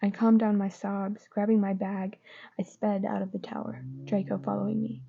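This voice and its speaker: Woman reader, fan fiction; subdued, monotone, muffled lo-fi audio. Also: mid-range voice, normal speed, vocal fry, breathy edge. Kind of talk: reading fan fiction aloud. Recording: dull lo-fi recording.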